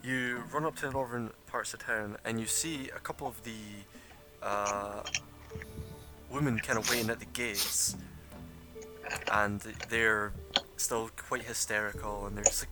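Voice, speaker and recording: A man's voice: fairly low pitch, fairly even intonation, normal speed, music in the background. A man running a tabletop game as game master, narrating loosely with lots of fillers and laughs. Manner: rambling, laughing, many fillers.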